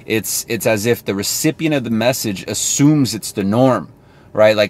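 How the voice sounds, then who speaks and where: A man's voice: lowish voice, moderate pace. A man talking casually to camera as a sales coach, chatty and thinking aloud as he explains.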